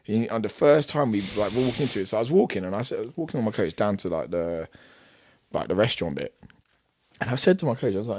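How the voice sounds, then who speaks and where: A man's voice: fairly low pitch, animated, quick pace, darkish tone, no echo. A young British man, a boxer, telling a backstage story on a podcast in casual slang, acting out both sides of the argument and laughing as he goes.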